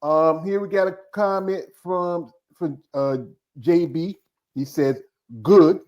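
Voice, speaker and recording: A man hosting a casual interview, relaxed and reading out viewer comments. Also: on the high side, slow, highs cut off, a little hiss or hum. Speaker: host. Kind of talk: casual interview with live chat.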